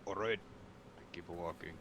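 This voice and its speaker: A man playing a tabletop game, asking halting questions in casual chat. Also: sits low, fairly even intonation. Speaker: player. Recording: dull lo-fi mic with faint noise.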